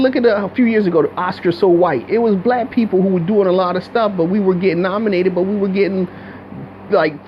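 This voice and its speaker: A man's voice: a little high, highs cut off, slight background noise. A man giving a blunt, profane, rambling commentary rant with many restarts. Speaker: video commentator.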